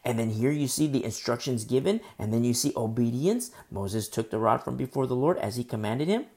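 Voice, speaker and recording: A man's voice: medium pitch, expressive, fairly quick, a little mellow. A man preaching a sermon, teaching through a Bible passage and repeating key phrases for emphasis. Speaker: pastor.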